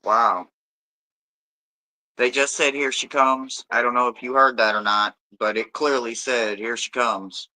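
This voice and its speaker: A man's voice: mid-range voice, fairly even intonation, a little slow, sharp tone, rough recording. A man hosting a live tarot stream, chatting casually and loosely with viewers, swearing freely and rambling between readings.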